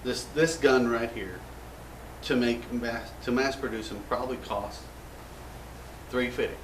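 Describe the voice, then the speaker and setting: A man's voice: medium pitch, steady tone, unhurried, noisy background. An American man hosting a casual gun show, joking and rambling in a self-mocking way. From United States. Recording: roomy echo from a distant mic.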